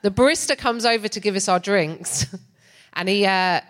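A middle-aged English woman, a comedian and co-host, tells a stand-up story in a mid-range voice at a moderate pace. Her delivery is wry and animated, often breaking into laughter.

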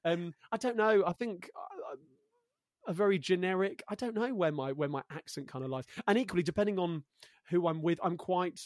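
A man's voice: high-pitched, moderate pace, no echo, clean studio sound. A man in his thirties from Coventry, a guest chatting thoughtfully in an interview, searching for words and joking at his own expense. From Coventry, England. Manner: thoughtful, searching for words, self-deprecating humor. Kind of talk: casual conversational interview.

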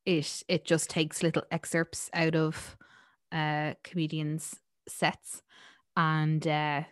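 Irish woman, podcast co-host, low-ish voice, loose filler-heavy chat, dead dry room. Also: level tone, slow, no room sound. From Ireland. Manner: rambling with many fillers and swearing. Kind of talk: casual chat.

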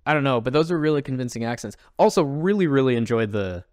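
A man's voice: mid-range voice, animated, fast, no room sound, studio quality. A man co-hosting a podcast, chatting casually, upbeat and often laughing. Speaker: podcast co-host. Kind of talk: casual chat.

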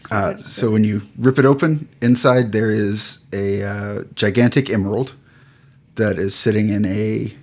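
Low-voiced man narrating as game master. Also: unhurried. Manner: relaxed, hesitant, full of fillers.

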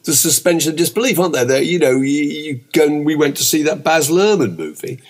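A man's voice: on the high side, expressive, brisk. An older man co-hosting a podcast, chatting in a rambling way with many asides. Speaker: podcast co-host. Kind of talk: casual chat.

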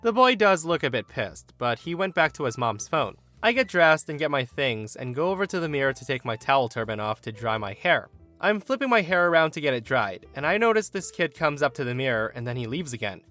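Animated male story reader. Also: on the high side, a little fast, soft background music. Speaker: story narrator. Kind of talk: reading a forum story aloud.

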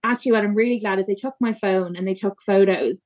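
A woman's voice: mid-range voice, darkish tone. Woman telling an emotional birth story. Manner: emotional, halting, frequent fillers. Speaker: podcast guest. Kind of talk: personal storytelling in conversation.

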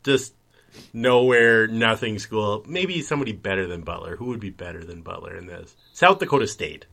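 A man's voice: fairly low pitch, expressive, normal speed, creaky, pushed and bright. A man co-hosting a casual podcast, making sardonic, mock-grumbling jabs and wry comparisons. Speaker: podcast co-host.

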